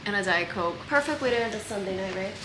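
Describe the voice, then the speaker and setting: A woman's voice: mid-range voice, lively intonation, quick pace. A young woman in her twenties chatting candidly in a casual vlog at home, laughing easily. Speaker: vlogger. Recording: echoey room with loud ambient noise.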